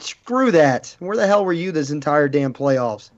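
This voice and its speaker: A man hosts a casual sports podcast, ranting in exasperation. His voice sits a little high, and the recording is dull and lo-fi. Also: expressive, a little slow. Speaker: podcast host.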